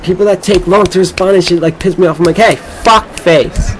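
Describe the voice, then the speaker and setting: A man's voice: high-pitched, steady tone, quick pace, a little mellow, a little hiss or hum, poor audio. A young man from Florida talking casually over a game, rambling and cursing as he tells a boastful story. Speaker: gameplay streamer. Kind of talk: casual rambling gameplay commentary.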